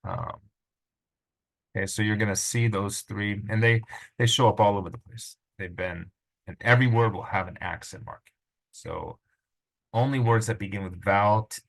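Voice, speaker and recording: A man teaching a recorded lesson on Greek pronunciation, informal and patient, sounding out words slowly. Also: sits low, gravelly, a bit bright, rough recording.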